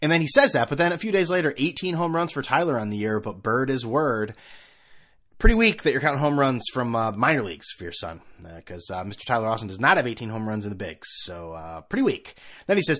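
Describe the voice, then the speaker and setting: A man rants on his own sports podcast in a loose, rambling way, tripping over restarts and throwing in sarcastic asides. His pitch swings widely as he talks, from low grumbles up to sharp peaks of disbelief. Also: lively intonation, quick pace. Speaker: podcast host. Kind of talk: casual solo sports podcast rant.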